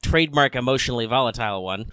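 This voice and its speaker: A man's voice: mid-range voice, very fast, pushed and bright, clean tone, dry recording, clean studio sound. A man co-hosting a podcast, chatting casually in a wry, rambling way with lots of fillers. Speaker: podcast co-host. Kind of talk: casual chat.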